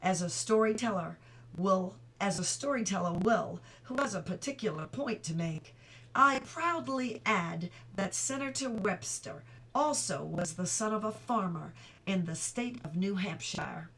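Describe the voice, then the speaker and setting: A woman's voice: mid-range voice, animated, a little slow, a bit bright, breathy edge, exaggerated voice. A woman reading the lines of a proud woman who tells a story to make her point. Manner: proud, declaiming. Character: proud woman telling a farm family's story.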